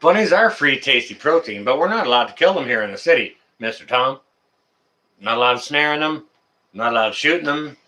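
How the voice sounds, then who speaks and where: Animated man chatting on a livestream. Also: mid-range voice, brisk. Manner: rambling, excitable, jokey. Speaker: livestream host answering chat. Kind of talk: casual live chat.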